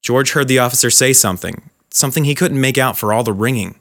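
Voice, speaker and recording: A man narrating a dramatic short story in a measured, scripted way. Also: medium pitch, fairly bright tone.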